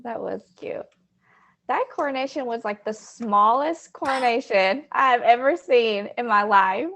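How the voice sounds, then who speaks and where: A young woman with a slightly high voice, playful and animated as she retells funny moments. Her talk is relaxed, casual podcast chat. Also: unhurried. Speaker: podcast co-host. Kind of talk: casual movie recap chat.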